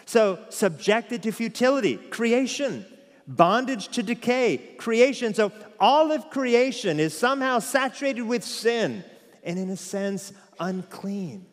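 A male pastor preaching a sermon, swinging from loud emphatic passages to hushed, quiet asides and often repeating words as he restarts a phrase. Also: high voice, big pitch swings, unhurried, long reverb tail.

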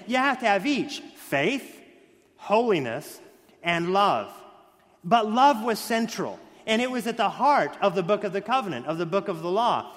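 A man preaching a sermon, stressing key words loudly and then dropping to hushed lines. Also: sits high. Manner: emphatic, swings between loud stresses and hushed lines. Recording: long hall reverb.

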